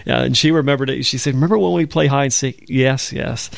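A man's voice: mid-range voice, quick pace, gravelly, no echo. A man co-hosting a religious radio talk program, telling stories and reading scripture in an earnest, conversational way. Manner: earnest storytelling, quotes scripture. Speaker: co-host of a Bible program.

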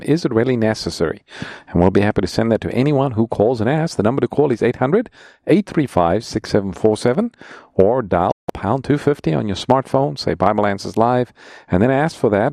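A man's voice: mid-range voice, dark tone, dry recording, clean studio sound. A man co-hosting a call-in Bible radio show as a pastor, introducing callers and announcing free offers.

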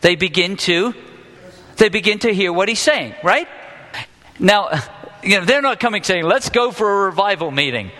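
A man with a high, bright voice preaches a sermon to his congregation, talking to them casually and asking them questions as he goes. His voice rings out in a hall with a long reverb. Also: animated, moderate pace, pauses often. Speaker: pastor. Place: church hall with live congregation.

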